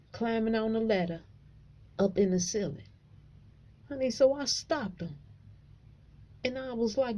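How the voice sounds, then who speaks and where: A woman vlogger tells her story in a loose, profane and animated way. Her voice is mellow and dark. The recording is a little dull and lo-fi. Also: medium pitch. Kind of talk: casual storytelling to camera.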